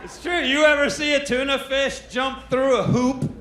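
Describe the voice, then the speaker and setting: A man's voice: very high-pitched, steady tone, normal speed. An American man doing brash, profane stand-up comedy on a club stage. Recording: roomy club with crowd noise. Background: audience laughter.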